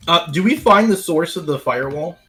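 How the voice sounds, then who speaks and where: A man playing in a tabletop game, chatting casually with quick jokes and curious questions. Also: on the high side, expressive, sharp tone, low-quality recording. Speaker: player.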